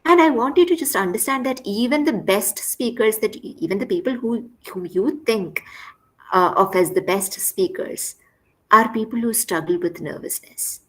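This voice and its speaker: A woman's voice: on the high side, expressive, normal speed, poor audio. A woman instructor leading an online workshop session over a video call, patiently repeating key points and checking in with "right?". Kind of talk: online class teaching.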